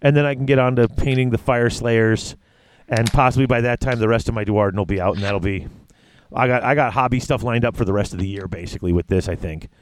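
A man's voice: mid-range voice, fast talker. A man hosting a casual hobby podcast, rambling and chatty, with frequent restarts. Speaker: podcast host.

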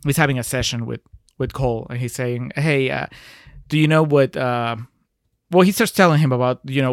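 A man's voice: medium pitch, no room sound. A man with a mid-range voice, recorded dry and close. He talks through a film's tricks in a wry, analytical way, with frequent laughs. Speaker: podcast co-host. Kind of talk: casual movie-discussion chat.

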